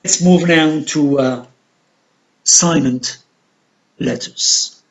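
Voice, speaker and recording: A woman teaching an English lesson, saying each word slowly and repeating it carefully for pronunciation. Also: sits low, rough recording. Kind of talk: classroom lesson, slow and deliberate.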